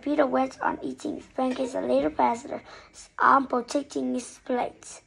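A woman's voice: high voice, flat delivery, moderate pace, gravelly, a little hiss or hum, rough recording. A woman reading a children's story aloud, narrating expressively.

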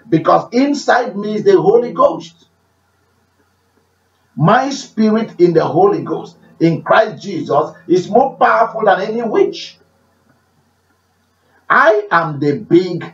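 A man preaching a sermon, repeating phrases and swinging between loud declarations and hushed prayer. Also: high voice. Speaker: pastor. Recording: roomy, distant, dull-sounding recording.

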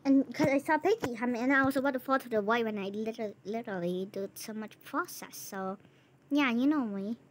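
High-voiced jumpy woman gaming. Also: fairly quick, a little hiss or hum. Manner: chatty, narrates every move, jumpy and easily scared; repeats herself and trails off mid-sentence. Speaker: gameplay channel host. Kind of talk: casual gameplay commentary.

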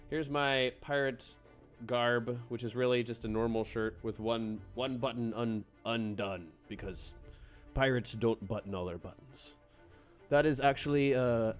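Excitable male game streamer. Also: medium pitch, normal speed, faint music behind. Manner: excitable, playful, greets chat by name, jokey pirate talk. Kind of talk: live gameplay streaming.

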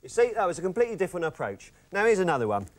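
A man playing a smooth-talking salesman with deadpan asides in a sitcom. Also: sits high, very fast. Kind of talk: sitcom comedy acting.

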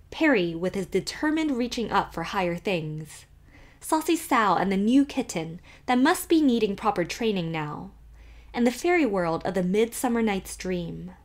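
Female audiobook narrator, steady expressive reading, middle pitch. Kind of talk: scripted narration.

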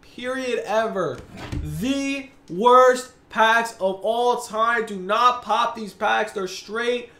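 Taking it slowly in a very high, sharp-toned voice, this man narrates a video game pack opening, groaning and sighing often as he rants in exasperation. He's a gaming video creator, recorded in an echoey room.

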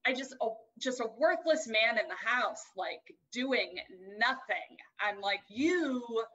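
Woman co-host, casual chat, bright ringing voice, animated and profane. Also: a little high, measured pace, husky, dull audio. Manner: animated, swears freely, rants. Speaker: podcast co-host.

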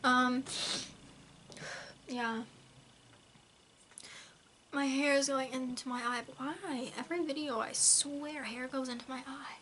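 A woman's voice: high voice, steady tone, slow pace, pauses often, fairly bright tone, slight background noise. A woman of nineteen filming a casual vlog at home, sounding tired, swearing freely and cooing baby talk at her cat. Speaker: vlogger.

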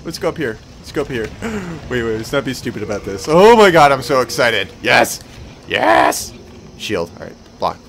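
A young man giving excitable, swearing commentary while playing a video game, talking to himself. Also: medium pitch, normal speed, creaky. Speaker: gameplay commentator. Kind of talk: let's play commentary.

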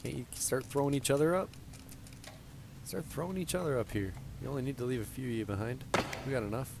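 A man's voice: mid-range voice, fast talker, gravelly, background noise. A man giving casual let's play commentary on a headset, thinking aloud and chatting to the characters on screen. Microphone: gaming headset.

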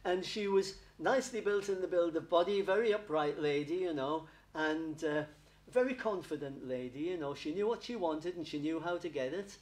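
Chatty medium calling people darling. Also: male voice, a little high, normal speed, darkish tone. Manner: chatty, affectionate, laughing often, calls listeners darling. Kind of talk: spiritualist church platform reading.

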